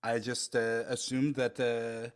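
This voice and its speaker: A man's voice: mid-range voice, little pitch movement, voice pushed down, close to an everyday voice. Man putting on a French-accented syrup crime boss. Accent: put-on French. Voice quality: halting speech with thick fake accent, many "uh" pauses. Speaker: game master voicing a character.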